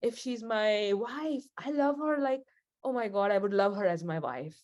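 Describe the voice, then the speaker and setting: A woman's voice: mid-range voice, expressive, moderate pace, darkish tone. A woman leading a spiritual group session, telling a story in a chatty, casual way with frequent laughs. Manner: chatty, laughs often, many fillers like "like".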